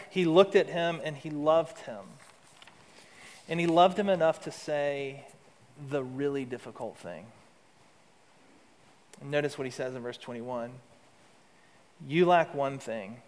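Man, pastor preaching, slightly high voice, emphatic then hushed, long hall reverb. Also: a little slow. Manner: preaching with rising emphasis and soft, low asides. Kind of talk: sermon.

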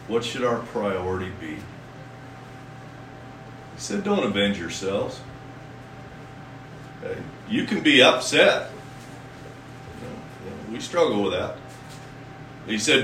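A man preaching a sermon as pastor, folksy and conversational, reading scripture slowly and with emphasis. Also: lowish voice, big pitch swings, background noise. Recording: echoey room from a distance.

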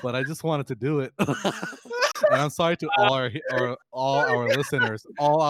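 A man's voice: medium pitch, normal speed, fairly bright tone, no echo. Joking podcast guy, mid voice, dry close sound, keeps cutting in. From Puerto Rico. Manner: joking, interrupts with "wait, wait". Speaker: podcast co-host. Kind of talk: casual chat.

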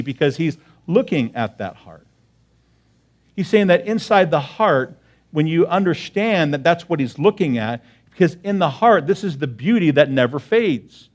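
Man preaching a conversational sermon. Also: medium pitch. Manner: conversational preaching with frequent "right?" check-ins; repeats key phrases for emphasis. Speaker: pastor.

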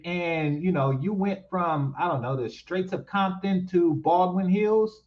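A man's voice: sits high, animated, unhurried, hardly any pauses, dull audio. A man from East Oakland ranting as he reacts to clips, blunt and mocking, repeating his points for emphasis. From East Oakland, California. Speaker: commentary host reacting to clips.

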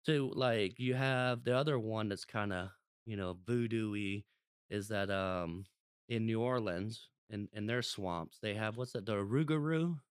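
A man's voice: on the low side, measured pace, clean tone, no room sound, clean studio sound. A man chatting casually as a podcast co-host, talking hesitantly with lots of fillers and hedges. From Florida. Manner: hesitant, hedging, with many fillers. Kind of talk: casual chat.

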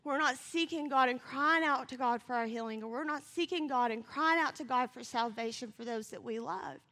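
A woman preaching, her voice bright and forceful. She talks fast and builds to passionate appeals. Her words ring with a long reverb in a church hall. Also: high voice. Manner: fast-talking, rising to passionate calls. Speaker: church speaker. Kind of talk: sermon with scripture reading.

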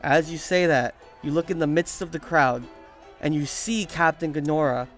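A man narrating a tabletop game as its game master, loose and casual, with quick jokes. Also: fairly high pitch, faint music behind.

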